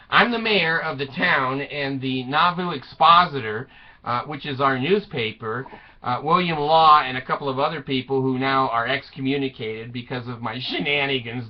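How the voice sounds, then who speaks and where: A man telling a comic story with voiced quotes, rambling with fillers and laughing often. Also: mid-range voice. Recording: dull lo-fi recording.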